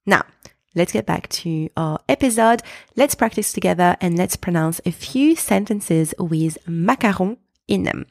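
French-accented woman, podcast pronunciation teacher, lowish voice, slight vocal fry, dry close mic, careful enunciation. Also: animated, darkish tone, dry recording. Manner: slow, careful enunciation of example words. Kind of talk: scripted pronunciation lesson.

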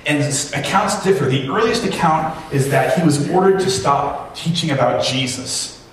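With an expressive voice on the high side and a normal pace, a man in his forties delivers a sermon as a pastor, telling a family tale and poking fun at himself. It was captured from a distant mic in a very echoey hall with faint background noise.

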